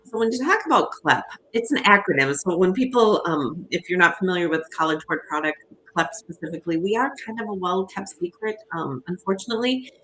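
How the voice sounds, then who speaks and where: Woman, Minnesota accent, lowish pitch, friendly guest presenter who talks freely with filler words. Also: animated, brisk, pushed and bright, slight background noise. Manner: chatty, upbeat, many ums. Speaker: guest presenter from an education nonprofit. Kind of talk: conversational presentation.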